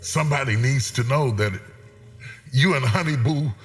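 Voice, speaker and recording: Dramatic preacher in a big hall. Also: male voice, medium pitch, normal speed, faint music behind. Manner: dramatic swings from loud preaching to hushed intimacy; call-and-response with a responder. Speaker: bishop preaching as guest. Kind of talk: sermon. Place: large church auditorium. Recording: long reverb of a large hall.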